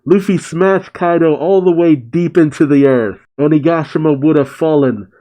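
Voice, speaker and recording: A man's voice: on the high side, moderate pace, warm tone, voice pushed up, lightly acted. A man voicing a proud cat warrior chief making a victory announcement while reading a comic aloud. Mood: proclaiming.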